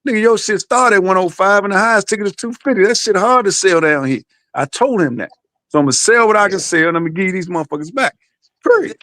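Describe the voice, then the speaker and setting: A man speaking quickly in a slightly raised voice, rattling off a blunt, profanity-laced account in casual podcast talk. His delivery is dry and close, with no room sound around it. He is a boxer's father speaking his mind. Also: high-pitched, animated, fairly bright tone, no echo.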